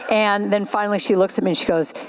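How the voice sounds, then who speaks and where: A woman speaking at a spiritual service, telling stories with acted-out voices and leading a slow sung chant. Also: mid-range voice, fairly even intonation. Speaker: guest speaker and singer at a spiritual center. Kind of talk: storytelling talk ending in a sung chant.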